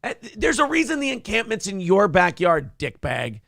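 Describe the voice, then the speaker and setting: A man co-hosting a talk stream, ranting loudly with heavy swearing and sarcasm. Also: high voice, huge pitch swings, normal speed, creaky, dry recording, studio quality. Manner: loud, sarcastic, swearing, jumps into mocking put-on voices. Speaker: co-host. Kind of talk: profane rant on a morning talk stream.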